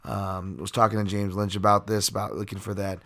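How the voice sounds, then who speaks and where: A man's voice: lowish voice, flat delivery, brisk, sharp tone. A man hosting a podcast, giving a casual, rambling breakdown of fights and bets with lots of fillers and the odd swear. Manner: rambling, filler-heavy, occasional profanity. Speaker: podcast host and fight analyst. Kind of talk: casual betting breakdown monologue.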